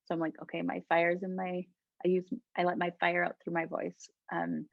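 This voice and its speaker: A woman from Colombia, a guest healer, talking gently and reflectively in a casual interview, often laughing. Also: fairly low pitch, monotone, normal speed, creaky, no echo, lo-fi sound.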